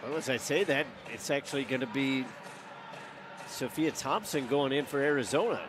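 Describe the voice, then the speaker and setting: A man calling live hockey play-by-play as the game's announcer, brisk and rising to shouts on big plays. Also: medium pitch, background noise. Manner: brisk, running call of the action that climbs to shouts.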